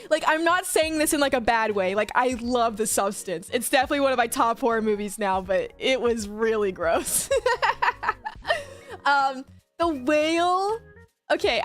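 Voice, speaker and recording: A woman in her twenties chatting casually on a livestream, gushing and chatty, full of fillers and quick laughs. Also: sits high. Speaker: streamer.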